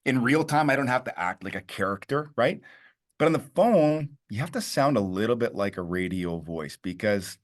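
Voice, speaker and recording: A Canadian man coaching real estate agents on phone scripts, animated and emphatic with lots of inflection. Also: medium pitch, normal speed. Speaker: real estate team leader, co-host. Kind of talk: sales coaching talk.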